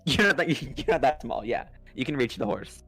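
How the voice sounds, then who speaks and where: A young man narrating as dungeon master, halting with many fillers and restarts. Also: mid-range voice, big pitch swings, a bit bright, slightly rough. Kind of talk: narrating a tabletop game over a voice call.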